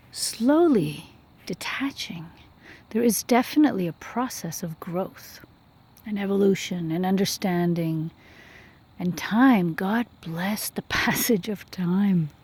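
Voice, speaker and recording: Walking by a lake with her phone in hand, a vlogger muses slowly in a medium-pitched, husky, expressive voice. She's reflective and soft-spoken, often sinking into a whisper as she rambles.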